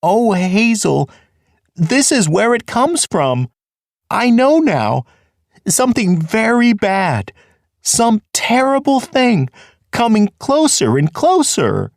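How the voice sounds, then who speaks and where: A man voicing a timid young male rabbit seer, high and whimpering with fear in a storybook. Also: big pitch swings, takes it slowly, vocal fry, dry recording, studio quality, exaggerated voice. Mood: terrified. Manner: trembling, whimpering.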